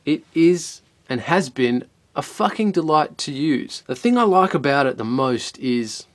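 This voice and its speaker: A man's voice: on the high side, animated, measured pace. An Australian man giving a casual spoken product review, blunt and chatty, swearing often in a laid-back way.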